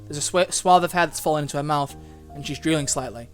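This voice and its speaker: A man's voice: fairly high pitch, fast. A young man hosting a let's play, reading a visual novel aloud and reacting in a chatty, fretting way. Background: soft game music.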